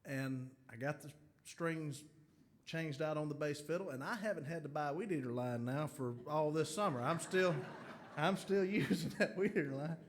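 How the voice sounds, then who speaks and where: A man with a Mississippi Southern accent and a voice pitched a touch high. He is a bluegrass bandleader bantering between tunes in a museum hall. He drawls his folksy yarns and chuckles at his own jokes. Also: moderate pace, a little hiss or hum. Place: museum lecture hall with a live audience.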